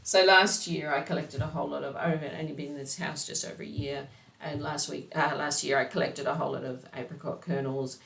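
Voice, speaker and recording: Middle-aged woman host, deep creaky voice, rambling and thoughtful. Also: fairly even intonation, a little fast, few pauses, a bit bright. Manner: rambling, reflective, searching for words. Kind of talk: casual chat.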